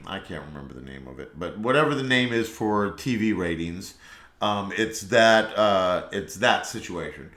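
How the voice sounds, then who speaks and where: Low-voiced man rambling in an echoey room. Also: expressive, normal speed, a bit bright. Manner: rambling, meandering delivery. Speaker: podcast host. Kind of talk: casual solo podcast monologue.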